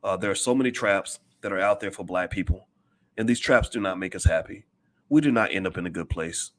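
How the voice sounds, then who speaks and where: Middle-aged guy preaching hard, repeats himself a lot, lowish voice. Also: fairly quick, a bit bright. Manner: preachy, repetitive, emphatic. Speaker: commentator. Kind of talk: impassioned monologue.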